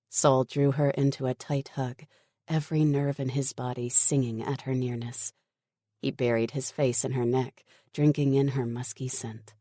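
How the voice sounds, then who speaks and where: Low, dark-voiced woman narrating an audiobook. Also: fairly even intonation, a little slow, no room sound, studio quality. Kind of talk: scripted narration.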